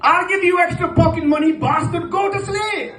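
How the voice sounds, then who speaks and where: A man doing his angry dad. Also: normal speed. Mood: furious. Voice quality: shouting, high and strained. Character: angry Pakistani dad, middle-aged man, gruff. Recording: echoey venue from far off.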